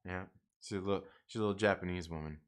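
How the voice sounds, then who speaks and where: A man's voice: low-pitched, quick pace. A man hosting a live stream, telling a rambling, profane story with lots of restarts and laughter. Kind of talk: casual storytelling monologue.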